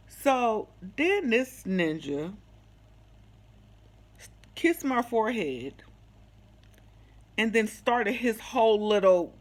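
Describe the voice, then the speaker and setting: A woman's voice: medium pitch, slow pace, long pauses. A woman vlogging about something that happened to her, talking in loose, slangy everyday speech. She tells it animatedly and slips into the other people's lines as she recounts the conversation. It is casual, straight-to-camera storytelling. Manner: animated, slangy, acts out the quoted dialogue. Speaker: vlogger sharing a personal testimony.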